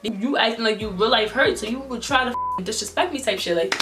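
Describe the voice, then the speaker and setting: A woman's voice: a little high, a little fast, over music. Young woman telling a slangy storytime. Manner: animated, slangy, acts out quotes in different voices. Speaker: vlogger. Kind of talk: storytime vlog.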